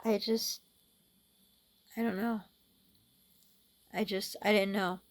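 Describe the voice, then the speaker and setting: A middle-aged woman vlogging a personal memory in a halting way, with frequent restarts and fillers. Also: medium pitch, level tone, slight background noise. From United States. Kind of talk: personal storytelling vlog.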